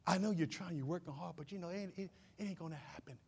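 A man voicing a taunting male enemy spirit that whispers doubt, hushed and sneering. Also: high voice, fast, gravelly, breathy edge, full character voice. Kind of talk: sermon.

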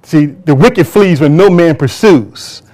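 High-voiced emphatic preacher man. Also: animated, slow, darkish tone. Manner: emphatic preaching with call-and-response. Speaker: pastor. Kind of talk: sermon. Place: church before a congregation.

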